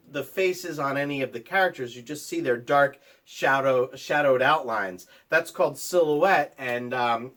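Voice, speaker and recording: Lively man reading a story to kids. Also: on the high side. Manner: lively, rising loud for shouted lines. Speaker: teacher reading aloud to children. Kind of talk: storybook read-aloud lesson.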